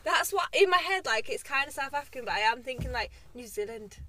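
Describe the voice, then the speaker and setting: A young woman co-hosting a podcast outdoors, talking quickly and laughing easily in casual chat. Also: sits high, animated, bright, forceful tone, slight background noise. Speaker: podcast co-host. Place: outdoors in a cemetery at sunset.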